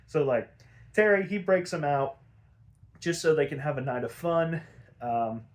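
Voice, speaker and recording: A young man with a somewhat high voice, speaking a little slowly, casually recaps a cartoon episode for his podcast. He rambles and swears along the way, animatedly voicing the characters' lines.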